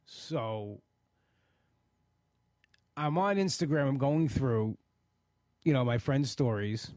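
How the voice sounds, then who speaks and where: A man's voice: mid-range voice, lively intonation, slow, darkish tone, dry recording, clean studio sound. A man in his forties hosting a podcast, talking in an earnest, rambling way with many restarts. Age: 40s. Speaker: podcast host. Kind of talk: casual solo podcast talk.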